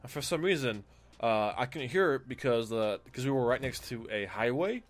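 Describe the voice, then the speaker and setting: Speaking at a moderate pace with a medium-pitched voice, a man tells his viewers a personal story in a casual, animated way. He acts out what people said and uses plenty of fillers.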